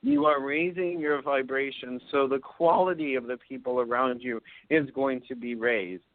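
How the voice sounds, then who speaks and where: A man's voice: mid-range voice, steady tone, dry recording. A man hosting a call-in radio show, giving soothing psychic readings and often checking in with "okay?". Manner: soothing, drawn-out pronouncements with frequent "okay?". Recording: dry phone-line sound.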